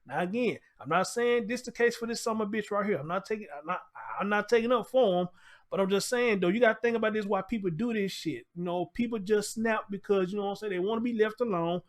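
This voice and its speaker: A man's voice: high-pitched, fast. A man hosting his own commentary show, ranting bluntly and heatedly, swearing and repeating himself. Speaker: show host. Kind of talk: profane commentary rant.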